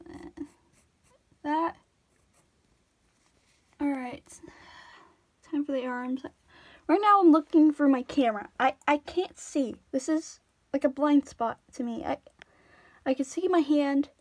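A young woman chats away while she draws, her voice high and cartoony from tiredness. She rambles, trips over her words and pokes fun at herself. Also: a little slow, long pauses, darkish tone. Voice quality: cartoony put-on voice. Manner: rambling, self-deprecating, stammering restarts. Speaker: drawing tutorial vlogger. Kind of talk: casual drawing commentary.

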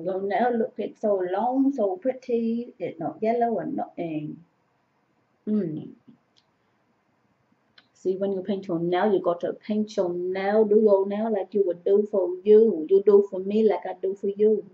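A woman doing a fussy, flattering nail technician. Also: mid-range voice, lightly acted. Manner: fussy, flattering, slow and drawn-out. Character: fussy adult woman nail technician fussing over a client. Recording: dull lo-fi home audio.

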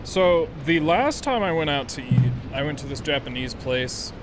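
A man's voice: a little high, lively intonation, moderate pace, over music. A young man streaming a game live, chatting, laughing often, swearing and bantering with his chat. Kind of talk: live gameplay commentary.

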